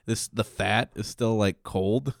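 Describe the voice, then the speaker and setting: A man's voice: fairly low pitch, slow pace, gravelly, no room sound, clean studio sound. A man rambling, swearing podcast co-host. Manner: loose, profane, trails off mid-sentence. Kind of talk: casual chat.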